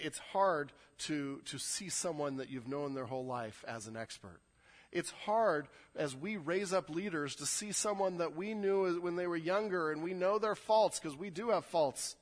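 A young adult male pastor preaching an earnest sermon, often repeating words as he builds a point. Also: on the high side. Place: church sanctuary. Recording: long hall reverb.

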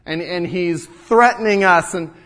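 Pitched high and in no hurry, this man's voice comes out pushed and bright. He portrays an earnest, outraged wall-builder and father of ancient Jerusalem, narrating his tale in the first person as a biblical character and stumbling on repeated words.

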